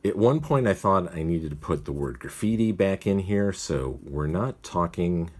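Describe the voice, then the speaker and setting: A male cartoonist rambles through an explanation of how he writes, thinking aloud and often correcting himself in a casual walkthrough. His voice is very low, dark and husky, animated and at normal speed.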